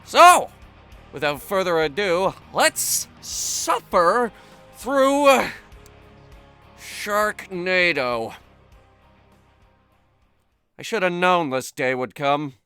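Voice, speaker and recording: A man narrates a comedic movie review with a biting, sarcastic edge and plenty of profanity. His voice is high for a man and bright and sharp in tone. Faint background music runs under him. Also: big pitch swings, drawn-out words, long pauses, clean tone.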